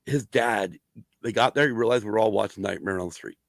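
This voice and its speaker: A middle-aged man hosting a podcast, telling stories in a casual, profane, animated way with a gravelly voice. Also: fairly low pitch, fast talker, no room sound. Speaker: podcast host. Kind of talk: casual storytelling chat.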